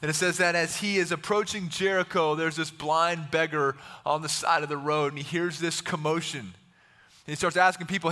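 A man's voice: on the high side, steady tone, a little fast, bright, forceful tone. A man preaching a sermon with passion, repeating himself and acting out the voices of Bible figures. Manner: impassioned, repetitive, acts out the voices of Bible figures. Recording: long hall reverb.

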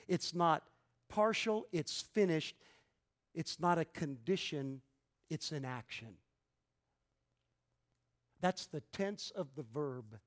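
A man delivers a sermon in a high-pitched voice. He speaks slowly and deliberately, stressing single words with emphasis as he teaches. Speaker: preacher. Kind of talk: expository sermon.

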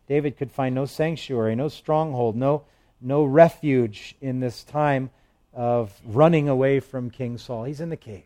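A male pastor teaching through the Psalms in a relaxed, conversational way, reading verses aloud with emphasis and slipping in light humor. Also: medium pitch, unhurried. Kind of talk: expository Bible teaching.

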